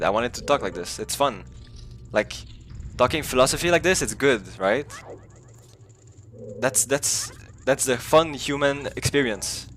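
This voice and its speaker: A man with a mid-range, slightly bright voice streams a video game, chatting loosely with his viewers. He rambles and swears freely throughout.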